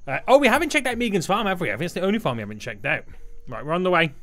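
A man's voice: high-pitched, sing-song, rapid-fire, fairly bright tone. A young man doing playful, teasing livestream commentary while he plays a game and reads out donations. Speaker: gaming YouTuber reading donations.

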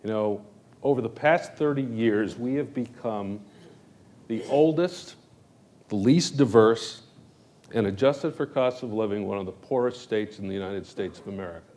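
A man's voice: lowish voice, moderate pace, darkish tone. Emphatic man giving a campaign closing statement. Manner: emphatic, repetitive rhetorical build-up. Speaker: gubernatorial candidate. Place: forum hall.

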